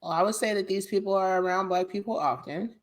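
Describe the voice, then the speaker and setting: Casting: young woman, podcast co-host, blunt and profane, quick to laugh, mid-range voice. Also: medium pitch. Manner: frank, profane, laughs often. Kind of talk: casual chat.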